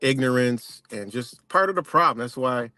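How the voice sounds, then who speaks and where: A man's voice: mid-range voice, expressive, moderate pace, sharp tone, no room sound. A man hosting a livestream, ranting casually in a profane, rambling way with many restarts. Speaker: livestream host.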